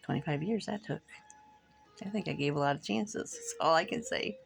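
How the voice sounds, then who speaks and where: Middle-aged vlogger, gravelly, blunt, swears freely, faint music underneath. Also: medium pitch, normal speed. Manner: blunt, profane, frank; rambling, chatty, laughs between thoughts. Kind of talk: casual talk to camera over coffee.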